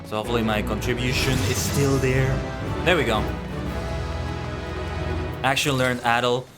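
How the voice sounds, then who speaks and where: A man's voice: mid-range voice, steady tone, moderate pace, loud music behind the voice. A man streaming himself playing a game, chatting casually and rambling in a self-deprecating way. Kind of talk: casual gameplay commentary.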